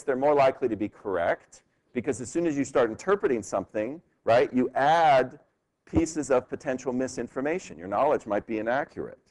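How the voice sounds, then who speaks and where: A male law professor lectures his class in a conversational way, tagging his points with quick questions to the students. His pitch swings widely as he stresses ideas, and it stays at a middle level overall. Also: poor audio. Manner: conversational, frequent tag "right?", animated rhetorical questions. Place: university lecture hall.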